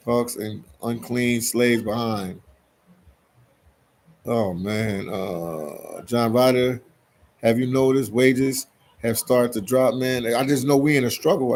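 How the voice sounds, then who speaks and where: A man's voice: medium pitch, darkish tone, a little hiss or hum. A man from Philadelphia hosting a casual live stream, reading out viewer comments in a laid-back way and often saying "man". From Philadelphia, USA. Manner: laid-back, keeps tacking "man" onto sentences.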